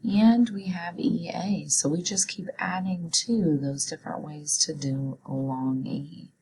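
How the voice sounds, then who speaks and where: A woman teaching young children a phonics lesson, speaking clearly and encouragingly as she walks them through sounds and words. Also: on the low side, steady tone, unhurried, dark tone, rough recording.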